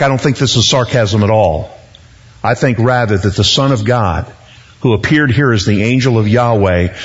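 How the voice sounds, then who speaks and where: A pastor in his sixties delivers a conversational, verse-by-verse expository sermon, adding joking asides and repeating words. His voice is lowish and the audio is dull.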